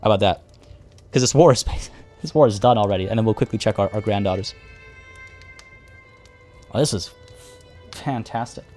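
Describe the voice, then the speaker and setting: A man's voice: lowish voice, normal speed, pauses often, darkish tone, soft background music. A man streaming a strategy game, talking casually to his chat as he plays. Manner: chatty, thinking aloud and answering chat. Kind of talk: casual live-stream commentary.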